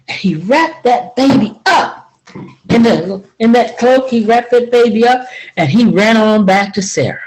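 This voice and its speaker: An older woman telling a folk tale in a lively spoken way, acting out each character's lines. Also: rough recording. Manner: lively, acts out each figure with big pitch jumps. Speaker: storyteller. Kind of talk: folksy spoken storytelling.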